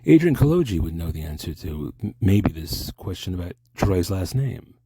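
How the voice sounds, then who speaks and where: A man's voice: low-pitched, lively intonation, moderate pace, warm tone, slightly rough, no echo, clean studio sound. A man rambling through a comic monologue, stammering and interrupting himself as he goes.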